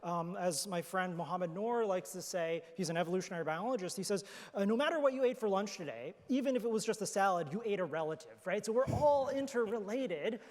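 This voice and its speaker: A man's voice: high-pitched, animated, brisk, few pauses, a little mellow. A man, an astrobiologist on a conference panel, explaining his ideas thoughtfully with fillers and restarts. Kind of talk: panel discussion answers. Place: conference hall. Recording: hall reverb from a conference stage.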